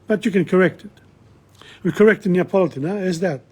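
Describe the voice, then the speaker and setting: A man's voice: high-pitched, fast, a little mellow, breathy edge. A man teaching an informal language lesson, explaining Neapolitan song lyrics line by line with frequent restarts and asides.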